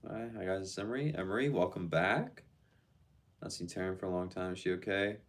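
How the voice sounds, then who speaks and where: A man's voice: low-pitched, a little fast. A man casually chatting on a live stream, reading out viewer comments and answering them in a laid-back, slangy way.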